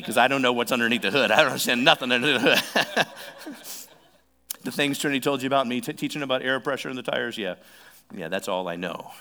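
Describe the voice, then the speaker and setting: Bright-voiced middle-aged male pastor. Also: medium pitch. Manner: conversational, joking, repeats phrases for emphasis. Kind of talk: sermon.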